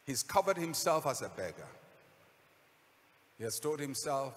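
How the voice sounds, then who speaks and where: A man's voice: mid-range voice, a little slow, long pauses, big-room sound, a little hiss or hum. A man preaching a sermon as a pastor, telling a story dramatically and acting out the voices.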